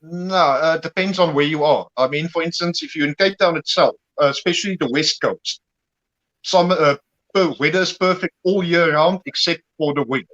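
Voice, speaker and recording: South African male guest, slightly high voice, earnest, dull lo-fi audio. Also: moderate pace. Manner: earnest, warm praise of other players. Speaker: guest player. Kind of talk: casual live-stream chat.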